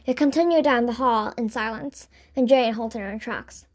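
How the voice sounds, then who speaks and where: A woman reading a children's storybook aloud in an expressive read-aloud manner. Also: a little high, normal speed. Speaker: audiobook reader. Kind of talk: storybook narration.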